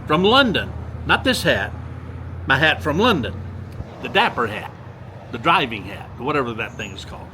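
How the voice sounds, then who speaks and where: Lively older man vlogging outdoors. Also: medium pitch, a little hiss or hum. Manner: warm, chatty, repeats greetings. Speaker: vlogger reading viewer comments. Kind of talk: casual walking vlog. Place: outdoors downtown street.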